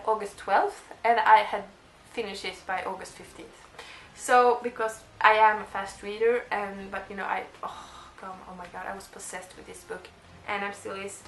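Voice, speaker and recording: A woman's voice: medium pitch, fairly bright tone, roomy sound. A young woman vlogging to camera, gushing and rambling with lots of restarts. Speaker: book vlogger. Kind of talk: casual monologue to camera.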